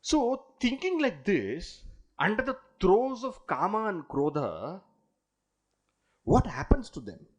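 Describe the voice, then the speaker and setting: A man giving a dramatic, animated discourse on scripture as a spiritual teacher. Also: sits high, slow pace, husky.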